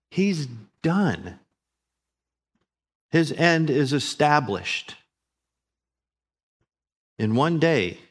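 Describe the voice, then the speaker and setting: Preaching as a pastor, a man in his fifties swings between loud, emphatic declarations and quiet, low asides.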